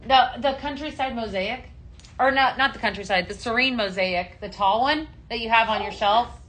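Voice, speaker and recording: A woman's voice: a little high, normal speed, fairly bright tone. A woman hosting a casual live-stream shopping show, chatty and upbeat, with many ums, calling viewers her friends.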